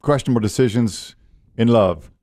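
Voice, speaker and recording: A man's voice: medium pitch, normal speed, mellow, dry recording. A man co-hosting a radio morning show, adding dry quips and prodding questions during casual banter.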